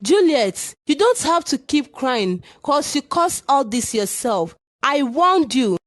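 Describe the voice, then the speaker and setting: A woman's voice: high voice, sing-song, slow, no room sound, studio quality, full character voice. A woman voicing a blunt scolding friend. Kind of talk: cartoon voice acting.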